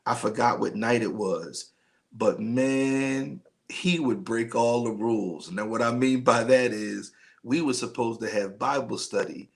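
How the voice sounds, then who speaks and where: A man hosting a men's night livestream as a pastor, talking slowly and loosely with many fillers and greeting viewers by name. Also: medium pitch, creaky. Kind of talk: casual livestream talk and preaching.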